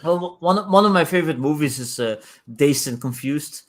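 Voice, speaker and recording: A man joins a casual late-night chat and talks hesitantly, leaning on fillers. His voice sits somewhat high. He keeps his remarks short. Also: normal speed.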